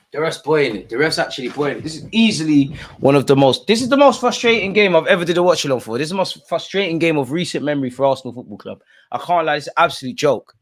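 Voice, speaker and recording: A young man hosting a live football watch-along, ranting at the referee and swearing, full of street slang. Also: medium pitch. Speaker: streamer.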